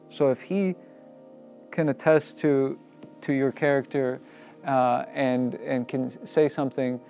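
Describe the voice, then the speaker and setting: A man's voice: mid-range voice, dark tone, lightly acted. A man doing a formal magistrate. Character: formal, authoritative male magistrate.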